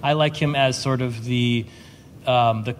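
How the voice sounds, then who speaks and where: A man's voice: medium pitch, steady tone, measured pace. Middle-aged male writer, loose and stammering, panel talk in a reverberant hall. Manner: rambling, stammering restarts, frequent swearing and laughter. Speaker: comic book writer on a convention panel. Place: convention panel room. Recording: reverberant hall with audible background noise.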